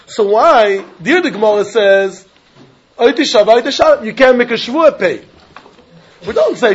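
A man with a Yiddish-inflected English accent teaching a Talmud lesson in an animated, sing-song learning cadence. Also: high-pitched, dull audio, slight background noise. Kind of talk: Talmud lecture.

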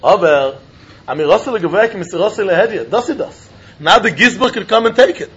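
High-pitched guy, sing-song talmud lecture, lots of laughing, kinda husky. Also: expressive, brisk, a bit bright. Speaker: Talmud teacher. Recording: dull lo-fi recording.

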